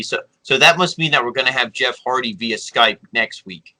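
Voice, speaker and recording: A man chatting casually in a wrestling review podcast, rambling and animated, often acting out what was said on the show. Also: medium pitch, moderate pace, rough recording. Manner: rambling, animated, acts out quoted lines.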